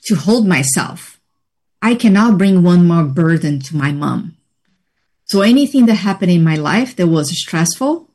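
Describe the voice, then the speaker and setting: Slow, reflective woman sharing her story. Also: mid-range voice, darkish tone. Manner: reflective, measured, pauses often. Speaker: interview guest, healing practitioner. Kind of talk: personal story in conversation.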